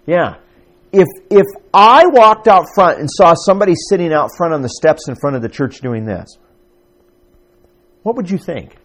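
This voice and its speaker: A man's voice: a little high, animated, normal speed. A man preaching a conversational sermon to his congregation, asking them questions as he teaches. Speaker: pastor.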